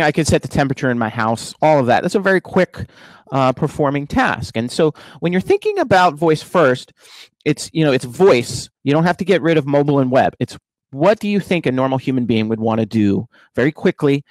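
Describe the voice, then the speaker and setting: A man talks through a technology presentation from his home office in a relaxed, explanatory way. He leans on fillers and restarts. His middle-range voice sits close to the mic, in a dry room with no reverb. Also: medium pitch. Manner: casual, explanatory, many fillers. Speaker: conference speaker. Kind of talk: online tech talk.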